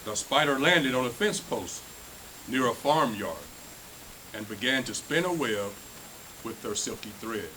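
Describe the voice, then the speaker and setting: A man's voice: medium pitch, animated, measured pace, long pauses, bright, forceful tone, slight background noise, rough recording. A man reading a children's picture book aloud at a school festival, playing up the animal noises.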